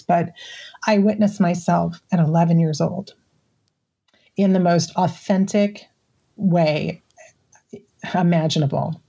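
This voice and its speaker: A middle-aged woman from the Midwest recounts a personal experience in a husky, gravelly voice. She pitches it a little low and keeps it mellow, laughing often. The line is muffled and lo-fi. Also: steady tone. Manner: emotional, laughs often, halting restarts. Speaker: guest.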